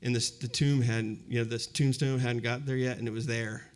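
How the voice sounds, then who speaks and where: This man in his fifties speaks in a mid-range voice with fairly even intonation at normal speed. Presenting at a university event before a live audience, he shares a personal story in a conversational, reflective manner, with "you know" and similar fillers coming up often.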